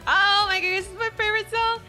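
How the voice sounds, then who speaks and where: Woman game streamer, high voice, excitable and blunt, music loud behind her. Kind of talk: casual game-stream reactions.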